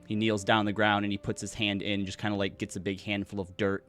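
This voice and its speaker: A man's voice: on the low side, flat delivery, fast, fairly bright tone, soft background music. A man narrating a tabletop game as game master, in a casual style with many fillers.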